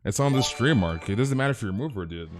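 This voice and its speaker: A man's voice: mid-range voice, animated, fast, soft background music. Teasing male game streamer. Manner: playful teasing banter, says dude a lot. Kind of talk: casual live-stream chatter.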